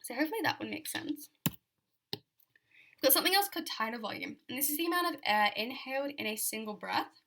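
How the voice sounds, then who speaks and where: A woman's voice: high-pitched, lively intonation, brisk, noisy background. A young Australian woman giving a chatty exam revision lecture, full of fillers and repeated key points.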